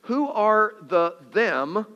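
A man's voice: high voice, big pitch swings, drawn-out words, sharp tone, clean tone, big-room sound, muffled recording, faint music behind. A man preaching a sermon in an earnest, emphatic way, reading scripture with dramatic emphasis. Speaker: pastor.

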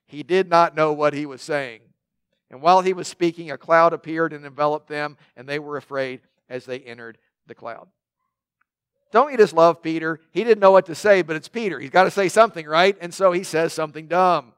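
A man's voice: on the high side, brisk, clear, resonant tone, no echo. A man preaching a sermon in a conversational way, with joking asides to the congregation. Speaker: pastor.

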